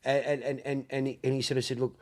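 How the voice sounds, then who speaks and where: A man's voice: medium pitch, flat delivery, fast, darkish tone. An Australian man with a Melbourne accent, hosting a casual podcast chat and telling slangy, swearing stories, acting out what people said. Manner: broad slangy storyteller, swears freely, acts out quotes. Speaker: podcast host, car dealer.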